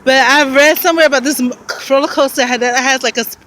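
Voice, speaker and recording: A woman's voice: high voice, steady tone, quick pace, a bit bright. Breathless woman rambling on a busy street. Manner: rambling, thinking aloud, frequent laughs. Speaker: vlogger. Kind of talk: casual walking vlog. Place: outdoors on a city street with traffic. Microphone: handheld camera while walking. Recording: street noise and passing traffic. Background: traffic and street ambience.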